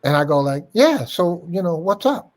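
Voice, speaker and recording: A man's voice: sits high, normal speed. Older man animatedly telling stories. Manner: animated anecdote-teller, acting out quoted dialogue. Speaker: interview guest. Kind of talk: storytelling interview.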